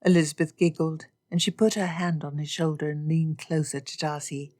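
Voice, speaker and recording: A woman's voice: low voice, moderate pace. Woman narrating a romance audiobook. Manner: steady, expressive reading. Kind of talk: scripted narration.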